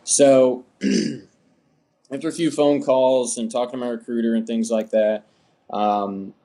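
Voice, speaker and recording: A young man from the United States, an interview guest, telling his story in a relaxed, rambling way with many fillers. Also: mid-range voice, measured pace. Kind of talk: casual storytelling.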